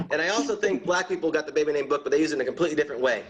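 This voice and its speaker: A man doing stand-up over a video call, with a slightly high voice. He talks chatty and loose, slipping into quick voices for the people in his bits. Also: sing-song, a loud crowd, rough recording. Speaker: stand-up comedian. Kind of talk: virtual stand-up set.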